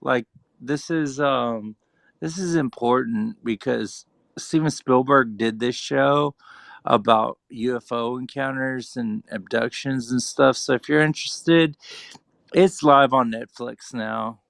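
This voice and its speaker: Gravelly man, halting and earnest. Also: medium pitch, a bit bright, no echo, studio quality. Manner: earnest, halting, many fillers. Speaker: group audio chat participant. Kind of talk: casual chat.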